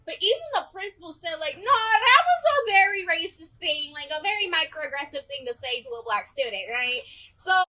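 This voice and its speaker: A young woman with a very high, bright voice tells a storytime to her viewers. She talks in a casual, animated way and jumps into the voices of the people in her tale. A faint hiss sits under the recording. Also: moderate pace, low-quality recording. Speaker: storyteller vlogger.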